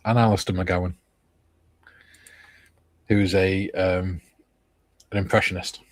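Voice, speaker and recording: Husky low-voiced man hosting a chat. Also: flat delivery, a little slow, no room sound. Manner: easygoing, reads viewer comments aloud. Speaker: stream host reading viewer chat. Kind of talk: casual chat while painting models.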